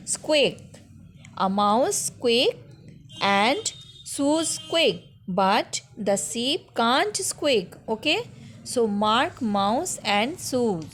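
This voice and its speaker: A woman school teacher with an Indian English accent, going through a lesson for young children patiently and step by step, often checking with "okay?". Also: on the high side.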